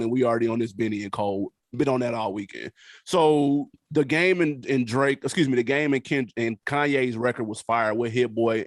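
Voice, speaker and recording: A man co-hosts a casual hip-hop podcast in a laid-back, candid way, with frequent fillers. His voice sits at an ordinary middle pitch. The sound is dry and close. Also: no room sound. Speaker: podcast co-host.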